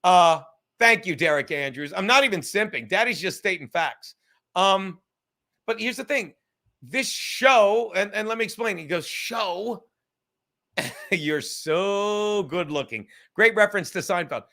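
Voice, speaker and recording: A man hosting a livestream podcast, rambling loudly and swearing as he reads chat comments. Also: high voice, animated, normal speed, vocal fry. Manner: loud, rambling, profane, reading chat comments aloud. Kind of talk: casual chat.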